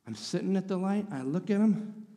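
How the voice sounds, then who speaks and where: A man telling a funny story as a guest speaker in a church sermon, animated and sarcastic. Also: sits high, normal speed. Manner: animated, sarcastic, acts out voices. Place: church sanctuary. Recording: reverberant church hall.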